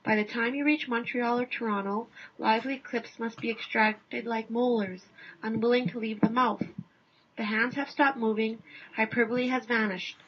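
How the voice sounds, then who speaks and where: Husky woman reading a wry essay. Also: a little high, fairly even intonation, normal speed. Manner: dry, wry understatement. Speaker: essay reader. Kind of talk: scripted first-person essay narration. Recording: dull lo-fi recording.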